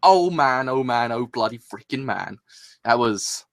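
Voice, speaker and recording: A man's voice: medium pitch, normal speed, a bit bright. A young man hosting an anime reaction video, gushing and exclaiming in a breathless, rambling way. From England. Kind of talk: excited solo reaction video.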